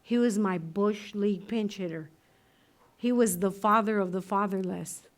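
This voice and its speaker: A woman speaking at a recovery meeting, telling her story in a lively way, acting out voices and laughing often. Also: medium pitch, moderate pace. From United States. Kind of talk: personal recovery talk. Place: meeting room.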